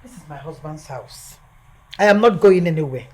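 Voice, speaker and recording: An actress playing an indignant widow who refuses to leave, with a Nigerian accent. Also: female voice, deep voice, animated, moderate pace, a little mellow, breathy edge. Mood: defiant. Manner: indignant, defiant.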